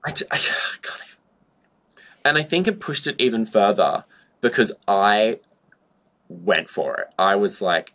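Telling stories in an interview at a moderate pace, a young man who does drag speaks in a lowish, fairly bright voice with lively intonation. His chatty style is heavy on "like," and he swears freely.

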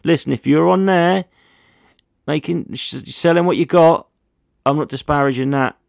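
A man's voice: a little high, normal speed, vocal fry, no echo, clean studio sound. A man, a comedian hosting a casual solo podcast, rambling through jokey stories with plenty of swearing.

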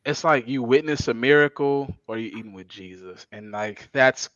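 A man's voice: medium pitch, fairly bright tone, no echo. Laid-back man, dull lo-fi sound. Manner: laid-back, quick short answers. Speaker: guest. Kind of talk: casual chat.

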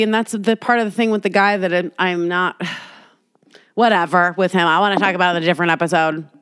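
A woman's voice: medium pitch, no echo. Podcast host, young adult woman, mid-range voice, dry close sound, open and rambling delivery. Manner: candid, rambling, emotional, swears freely. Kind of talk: confessional casual monologue.

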